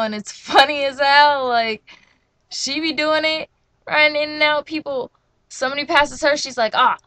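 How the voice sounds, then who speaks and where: A woman's voice: a little high, no echo. A young woman from New Jersey telling slangy, profane stories in a casual vlog rant. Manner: slangy, profane, animated storytelling.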